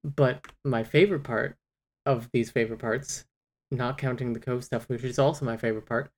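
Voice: medium pitch, steady tone, normal speed, a little mellow. A podcast co-host recapping a novel in casual, rambling chat full of fillers and restarts. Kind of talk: casual book discussion.

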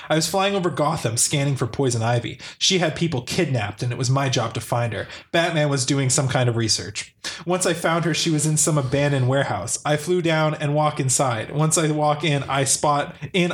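A man's voice: on the high side, brisk. A man reading a fan story aloud to friends, playful and teasing, acting out the narration. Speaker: podcast host reading fan fiction.

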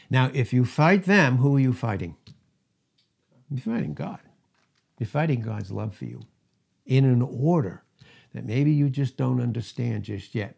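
A man's voice: mid-range voice, creaky, a little mellow. A male pastor preaching a sermon, emphatic, with rising and falling intensity.

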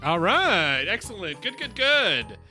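A man's voice: sits high, sing-song, slow pace, sharp tone, soft background music. A man co-hosting a podcast in casual chat, playful and joking, telling stories with frequent restarts. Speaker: podcast co-host.

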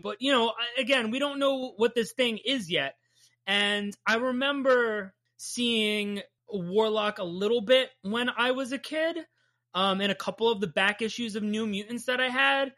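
A woman's voice: medium pitch, a bit bright. A woman in her thirties hosting a comic book podcast, chatting casually and enthusiastically with plenty of swearing. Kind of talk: casual chat recapping a comic.

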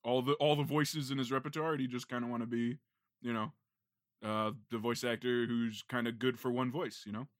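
A man's voice: mid-range voice, flat delivery, no room sound, studio quality. A man, a voice actor, chatting as a podcast guest in a jokey, boisterous way. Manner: jokey, boisterous, quick to laugh. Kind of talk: casual podcast chat.

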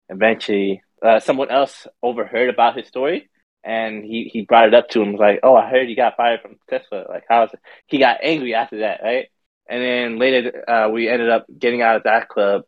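A man's voice: lowish voice, no room sound, muffled recording. A young man telling a long, profane story to friends in a casual, rambling way, stumbling over and repeating words. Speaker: podcast storyteller.

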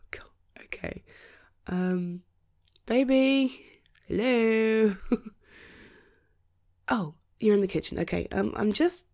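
A woman's voice: a little high, takes it slowly, long pauses, darkish tone. A woman in a whispered role-play as a comforting partner, soothing and reassuring, often breaking into giggles.

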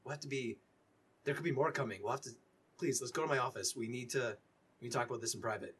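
A man voicing a flustered male police captain in a tabletop game, who talks in a hurried, stammering and apologetic way. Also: mid-range voice, fairly bright tone, slight background noise, close to an everyday voice. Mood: urgent.

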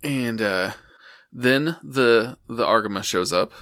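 A man calmly retelling an anime plot in casual chat, stringing his story together with "and, uh". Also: medium pitch, slow. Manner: steady storytelling with many "and, uh" fillers. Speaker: podcast co-host.

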